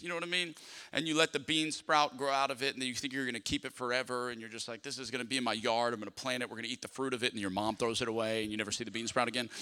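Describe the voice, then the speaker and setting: A man's voice: medium pitch, pushed and bright, in a large hall. A man, preaching a sermon and telling stories, acting out the dialogue with playful asides to his congregation. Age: 30s. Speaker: pastor. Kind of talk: sermon with storytelling. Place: church sanctuary.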